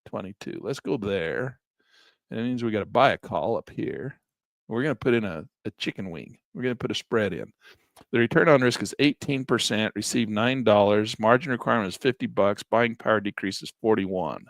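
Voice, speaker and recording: A man's voice: lowish voice, animated, normal speed, creaky, no room sound, clean studio sound. A middle-aged man, a trading instructor, casually thinking aloud through trades on a live screen-share.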